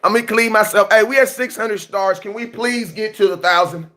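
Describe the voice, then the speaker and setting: High-voiced, bright, exasperated man ranting. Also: normal speed. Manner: shouting, exasperated, shouting out viewers by name. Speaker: livestream host reacting to football news. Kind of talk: emotional livestream rant.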